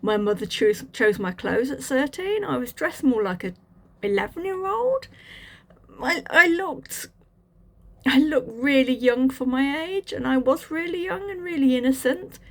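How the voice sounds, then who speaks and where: A woman telling her personal testimony in a halting, reflective way, with restarts and fillers. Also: high voice, animated, a bit bright. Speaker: channel host sharing a testimony.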